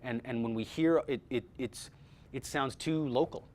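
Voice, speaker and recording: A man's voice: mid-range voice, moderate pace, darkish tone. A man teaching a voice-over workshop to a group, talking energetically with many fillers and repeated words. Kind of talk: casual workshop talk.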